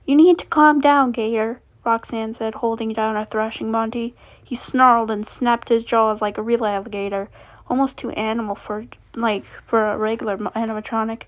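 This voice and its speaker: A woman reading a story aloud in a fairly high voice, steady and plain, often stumbling and restarting words. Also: normal speed. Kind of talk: reading fan fiction aloud.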